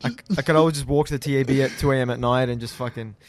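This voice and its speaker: A man's voice: mid-range voice, racing, a little hiss or hum. A man co-hosting a podcast, joking casually and calling people bro. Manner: jokey, lively, says bro a lot. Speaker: podcast co-host. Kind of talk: casual chat.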